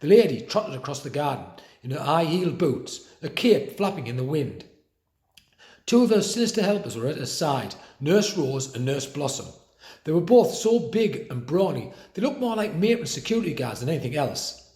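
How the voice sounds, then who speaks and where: A man, a teacher, reading a children's book aloud with expressive storytelling in a school room. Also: on the high side, normal speed. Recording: roomy echo.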